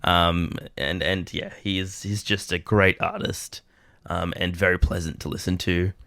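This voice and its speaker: A young man with a fairly low voice, co-hosting a podcast. He chats casually and rambles, with plenty of fillers, and sounds dry and close to the mic. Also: steady tone, unhurried, a bit bright, no echo. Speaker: podcast co-host. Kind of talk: casual chat.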